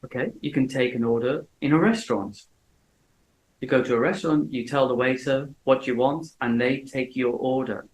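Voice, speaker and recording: Slow, deliberate male English teacher. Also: medium pitch, poor audio. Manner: slow, clear, deliberate delivery. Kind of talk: slow storytelling for learners.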